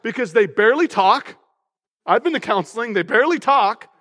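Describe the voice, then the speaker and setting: A man preaching a sermon as pastor, energetic and humorous in a conversational way. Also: high-pitched, moderate pace. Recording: long hall reverb.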